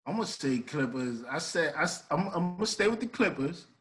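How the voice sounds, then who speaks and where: A man guesting as a coach on a sports podcast, his voice slightly high and lively in pitch. He talks at length, often restarting his sentences as he makes his point. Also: brisk, faint music behind. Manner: animated, explains at length with restarts. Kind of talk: casual sports debate.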